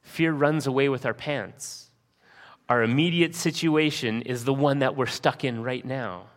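In a church sanctuary, a male pastor preaches a sermon, reading scripture aloud and asking the congregation earnest rhetorical questions. His voice is medium in pitch and unhurried, and the long reverb of the church hall surrounds it.

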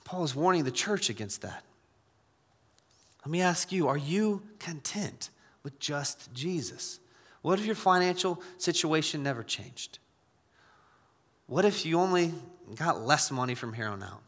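Bright-voiced preaching man, echoing hall. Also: a little high, expressive, unhurried, pauses often. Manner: repeats key phrases for emphasis, swings from quiet to loud. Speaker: pastor. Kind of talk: sermon. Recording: long church reverb.

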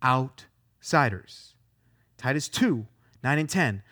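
A man's voice: mid-range voice, expressive, takes it slowly, sharp tone, dry recording, studio quality. A man preaching a sermon as a pastor, talking emphatically, repeating phrases and firing off rhetorical questions.

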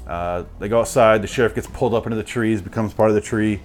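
A man's voice: lowish voice, steady tone, fast talker, soft background music. A man casually recapping a movie in a rambling, profane, sardonic way. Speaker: movie reviewer.

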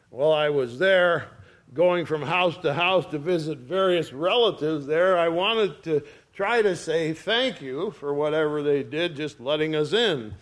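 A man preaching a sermon as pastor, telling stories in a folksy, homely way. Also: on the high side. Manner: folksy storytelling.

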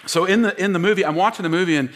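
Guy pastor preaching hard, leads the crowd in repeating lines, highish voice, big echoey church. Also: racing, background noise. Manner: emphatic, call-and-response with congregation. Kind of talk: sermon. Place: church auditorium. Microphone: wearing a mic. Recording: long hall reverb.

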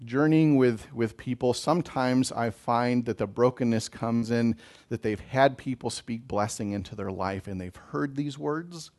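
A man giving a gentle, emotional pastoral talk on blessing, speaking to listeners as a chaplain. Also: medium pitch, measured pace. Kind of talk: reflective spiritual talk.

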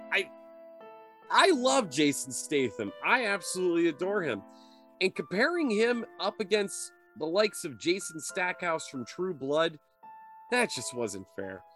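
A man co-hosting a comedy podcast, chatting in a playful, jokey way. His voice sits high and sounds bright and sharp, and his pitch swings widely as he riffs. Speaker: podcast co-host. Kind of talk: comedic casual chat.

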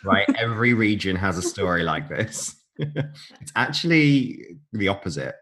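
Deep-voiced man chatting about wine. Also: animated, normal speed, a bit bright. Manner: chatty and jokey, laughs often, explains wine. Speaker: podcast co-host. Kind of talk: casual chat.

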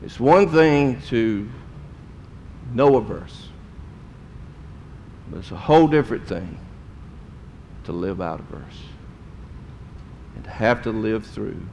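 A man's voice: lowish voice, expressive, slow pace, gravelly, pauses often, a little mellow, slight background noise. A middle-aged man, a pastor telling a story in a sermon in a folksy, emotional way. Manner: folksy, emotional storytelling with drawled Southern phrases.

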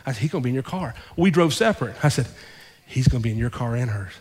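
A male pastor telling a story in a sermon, acting out both sides of the conversations with lively shifts in his voice. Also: medium pitch, quick pace, husky. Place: church sanctuary. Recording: long hall reverb.

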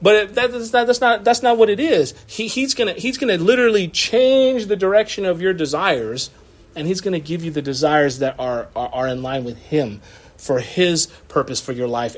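A man's voice: on the high side, normal speed. A man in his thirties preaching to his church in a conversational way, with laughs and asides. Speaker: pastor. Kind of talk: sermon. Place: church sanctuary.

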